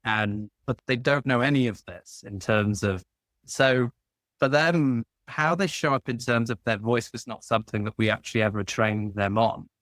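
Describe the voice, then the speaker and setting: A man's voice: mid-range voice, moderate pace, a bit bright, dry recording. A man hosting an interview, talking reflectively through his own work experience at length. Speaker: podcast host. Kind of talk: conversational interview.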